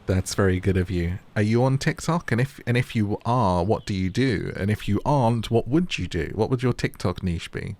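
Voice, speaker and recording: A man's voice: lowish voice, moderate pace, hardly any pauses, a little mellow. A man giving playful, joking commentary while playing a game and talking to its characters. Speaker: gaming YouTuber. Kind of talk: casual gameplay commentary.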